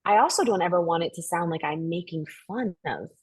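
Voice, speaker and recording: A woman voice actor chatting candidly as a podcast guest, animated and acting out the dialogue she retells. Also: fairly low pitch, brisk, slightly rough. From United States. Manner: candid, animated storyteller who acts out quoted dialogue. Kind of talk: casual chat.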